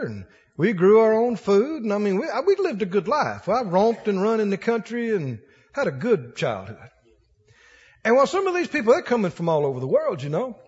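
A man from Mississippi, preaching a folksy, animated sermon with laughing asides. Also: sits high, slightly rough. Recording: dull lo-fi sound in a long-echo hall.

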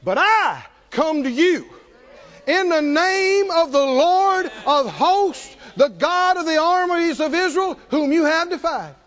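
Preacher playing a fearless youth, high, shouted, slow and declaiming; echoey, dull hall sound. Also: male voice, expressive, heavily acted. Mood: defiant. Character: bold young shepherd boy, defiant and fearless. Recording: dull audio in a large reverberant hall.

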